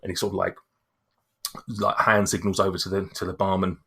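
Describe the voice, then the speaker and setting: A man narrating as game master, halting and full of fillers. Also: deep voice, level tone, bright, forceful tone, slightly rough.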